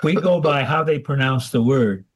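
A man in a casual group chat, talking in an amused, halting way. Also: medium pitch, rough recording. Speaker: haiku group member.

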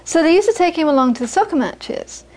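A woman giving a Buddhist talk, telling stories with lively acted-out quotes and then turning soft and earnest as she teaches. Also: extremely high pitch, fast. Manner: lively storytelling, acts out the people she quotes. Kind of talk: dharma talk to a small audience.

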